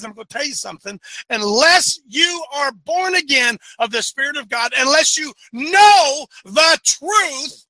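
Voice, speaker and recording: A man with an extremely high, piercing, tense voice preaches to his audience with fire and often breaks into shouts. The sound is dry and close. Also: expressive, moderate pace, dry recording. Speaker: host and preacher of an online show. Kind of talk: impassioned preaching to a live audience.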